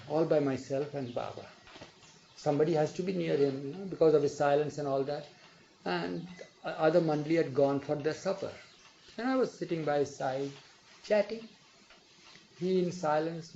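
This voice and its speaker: A gravelly older man tells a story in a relaxed, talky way, with a somewhat high but dark, mellow voice. The dull lo-fi tape recording has a faint hiss behind it. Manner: conversational, often adds "you see" and "mind you". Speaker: speaker recounting memories to a hall audience. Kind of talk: informal storytelling talk.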